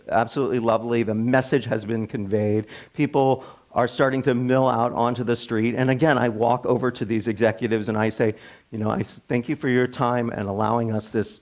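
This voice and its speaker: A man, a minister, giving a sermon as a conversational personal story, often restarting and repeating words, in a church. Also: lowish voice. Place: church sanctuary.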